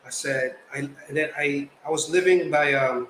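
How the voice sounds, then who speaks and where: A young man from the Philippines, a guest artist telling stories in casual chat, animated and slangy. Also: fairly high pitch, normal speed. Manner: animated, slangy, acts out quotes. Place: podcast studio. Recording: roomy echo, faint background noise.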